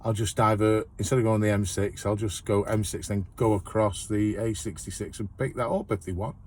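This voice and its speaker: A man's voice: lowish voice, steady tone, brisk, a little mellow, slightly rough. A man, a van courier, telling a long chatty story about his work in a rambling way, restarting his sentences often. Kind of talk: casual storytelling monologue.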